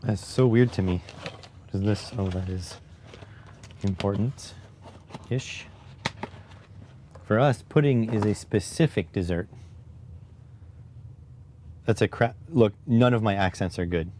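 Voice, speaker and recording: Low, mellow-voiced man streaming a build. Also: moderate pace, pauses often, a little hiss or hum. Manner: rambling, joking, self-deprecating. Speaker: electronics hobbyist streamer. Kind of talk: casual live-stream chat while building electronics.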